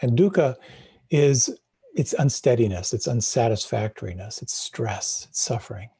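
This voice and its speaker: A middle-aged man leads a live meditation talk in a reflective, questioning way, often restarting and repeating words. His voice is husky and mellow, with a gravelly edge. The sound is dry and close. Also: mid-range voice, animated, normal speed, no echo. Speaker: meditation teacher.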